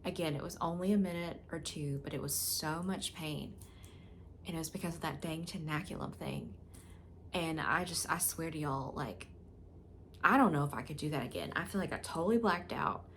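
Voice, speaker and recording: Woman vlogger, casual storytelling to camera, frank and emotional, low-pitched, faint background hiss. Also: animated, moderate pace. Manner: candid, frank and emotional, with filler words.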